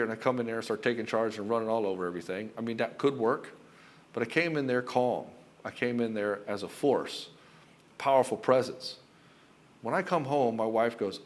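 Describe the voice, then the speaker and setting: A middle-aged man giving relationship advice as a coach, talking forcefully and emphatically and swearing freely. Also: medium pitch, fairly quick. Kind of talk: direct-to-camera advice monologue.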